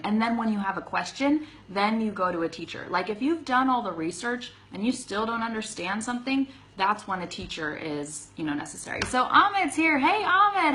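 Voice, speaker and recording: A woman's voice: mid-range voice, sharp tone, poor audio. A woman with a Californian accent giving a live online English lesson, chatty, laughing often and checking in with "okay?". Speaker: English teacher.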